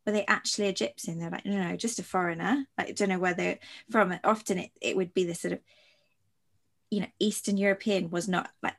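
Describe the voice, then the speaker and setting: Woman host, low gravelly voice, reflective rambling interviewer. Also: fairly even intonation, a little fast. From London. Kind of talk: conversational interview.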